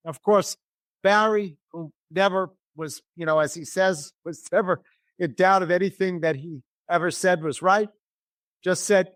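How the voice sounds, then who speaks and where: A man telling an animated story as an interview guest, acting out the voices of people he quotes. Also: high-pitched, no room sound.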